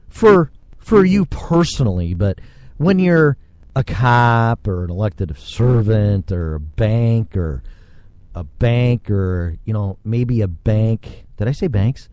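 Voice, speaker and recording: A man with a mellow, mid-range voice hosts a solo podcast, ranting sarcastically and swearing freely. He speaks into a studio microphone, and the sound has no echo.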